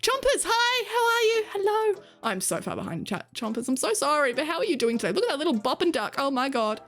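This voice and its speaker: A woman's voice: high-pitched, sing-song, fast, fairly bright tone. A woman streaming, chatting with her viewers in a casual way, laughing often and swearing casually. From Australia. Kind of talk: casual chat reading stream chat.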